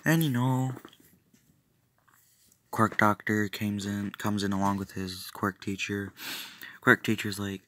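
A young man narrates a fan story off the cuff, his voice sitting low yet sounding bright and forceful. He rambles along with plenty of fillers and throws in joking asides. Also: fairly even intonation, slow, long pauses. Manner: rambling, loose, lots of fillers and self-interruptions, jokey asides.

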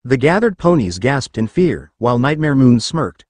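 A man narrating a fan story, his voice swinging lively up and down as he reads. His pitch sits in an ordinary middle range. The recording is dry and close, with no room sound. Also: moderate pace, hardly any pauses, no echo. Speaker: story reader.

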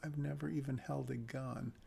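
A man's voice: medium pitch, fairly even intonation, moderate pace, vocal fry, mellow, husky. A man reading a screenplay aloud on a live stream and critiquing it, thinking aloud with hesitant restarts. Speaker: script reader and critic.

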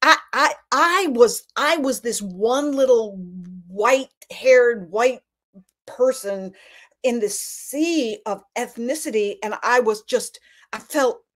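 A middle-aged woman from Alabama, telling family stories as a guest in a casual chat, animated, with lots of restarts. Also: fairly high pitch, slow.

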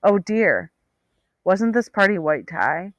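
A woman voicing a polite young man who speaks in a soft, mild, courteous way. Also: mid-range voice, big pitch swings, slow, no room sound. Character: polite, gentle young man, mildly puzzled.

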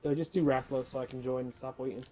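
A man's voice: mid-range voice, fairly even intonation, quick pace, loud music behind the voice, low-quality recording. A man chatting while playing a video game, impatiently telling his friend what to do next. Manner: impatient, bossy instructions. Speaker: gamer. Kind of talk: casual gaming chat.

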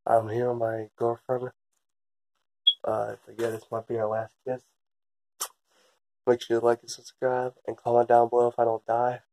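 A man's voice: medium pitch, monotone, normal speed, pauses often, warm tone. A young man hosting a casual paranormal vlog from a basement, nervous and swearing. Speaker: vlogger host.

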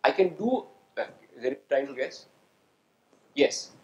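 A man's voice: medium pitch, lively intonation, a little slow. A man giving an interactive lecture to students as a guest speaker, quizzing the audience and often asking "right?" to check they follow. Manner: engaging, quizzes the audience and calls on people; asks "right?" to check understanding. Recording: echoey lecture hall.

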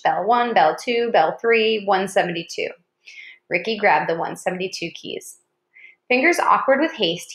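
A woman's voice: mid-range voice, fairly bright tone. A woman narrating a chapter of an audiobook, with small slips and restarts as she reads. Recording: roomy echo.

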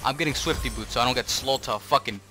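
A man's voice: medium pitch, quick pace, pushed and bright. A young man commenting on his own video game match, swearing and ranting in frustration at other players. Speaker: gaming streamer. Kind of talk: gameplay commentary. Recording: music bed under the voice.

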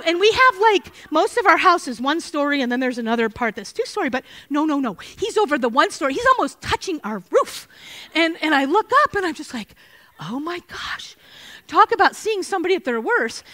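A woman's voice: sits high, brisk. A middle-aged woman teaching a women's Bible study, telling stories earnestly and citing Scripture. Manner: earnest, animated storytelling with Scripture citations.

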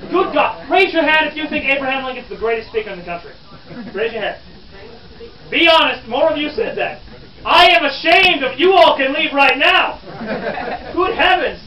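A man's voice: extremely high pitch, expressive, fast talker, pushed and bright, heavily acted. A man in character as a lecturing 1860s newspaperman, talking theatrically to a crowd of visitors. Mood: mocking, theatrical. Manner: theatrical, scornful, calls listeners "friends". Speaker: living history interpreter. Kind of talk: in-character living history talk to visitors. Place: outdoor historic park program. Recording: distant, roomy, dull camera audio.

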